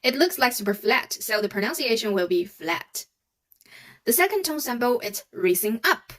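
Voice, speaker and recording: Higher-voiced woman teaching a language. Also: lively intonation, normal speed, a bit bright. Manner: patient, demonstrates sounds aloud. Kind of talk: online language lesson.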